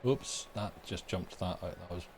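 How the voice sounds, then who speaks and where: A man's voice: low-pitched, normal speed, a little hiss or hum. A man hosting a live stream, chatting casually and rambling through explanations of a tech mishap with plenty of fillers. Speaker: streamer and host.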